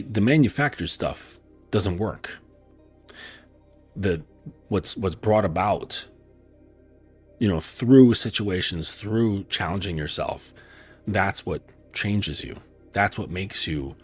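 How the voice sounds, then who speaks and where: Low, husky-voiced man telling a story. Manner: rambling, with frequent fillers and profanity. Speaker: dating coach. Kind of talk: casual storytelling talk.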